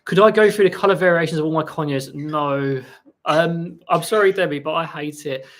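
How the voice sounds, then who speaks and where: A man's voice: a little high, normal speed. A man hosting a casual live stream at home, answering viewers' questions and breaking off to talk to his parrots. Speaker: parrot channel host. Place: home room with pet parrots. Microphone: laptop for live stream. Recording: parrot squawks and clicks in background.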